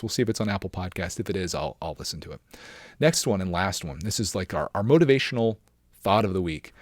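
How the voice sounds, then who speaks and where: A man's voice: lowish voice, darkish tone, dry recording, studio quality. A man in his thirties hosting a casual solo podcast, chatting in an upbeat, encouraging, rambling way. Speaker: podcast host.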